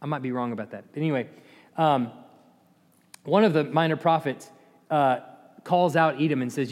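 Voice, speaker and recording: A man teaching a Bible study, retelling the story in an animated way with laughs and asides to the class, recorded in an echoey church hall. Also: on the high side, moderate pace, long pauses.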